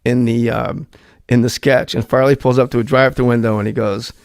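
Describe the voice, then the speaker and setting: A man's voice: medium pitch, a little fast, smooth. A middle-aged man and former comedy writer, telling a behind-the-scenes story as a guest, swearing and acting out the voices of the people in it. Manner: animated, swears, acts out quoted voices, laughs at his own stories. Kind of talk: casual storytelling chat.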